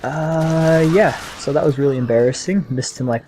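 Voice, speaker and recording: A man's voice: on the high side, normal speed, mellow, a little hiss or hum. A young man hosting a gaming channel, telling rambling, chatty stories while he plays. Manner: rambling, chatty storytelling between game reactions. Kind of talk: casual gameplay commentary.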